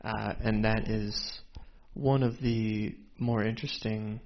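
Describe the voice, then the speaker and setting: A man hesitantly telling a story in a group discussion, with many pauses and "um"s. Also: on the low side, level tone. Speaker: forum participant. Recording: dull lo-fi with faint hiss.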